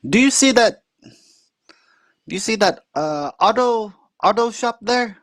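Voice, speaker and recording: A man's voice: sits high, unhurried, no room sound, voice pushed up, full character voice. A man imitating a boastful old uncle, talking in a raised, insistent voice. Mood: indignant. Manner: insistent, bragging, raised and excited. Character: boastful old Filipino uncle, proud, aggrieved.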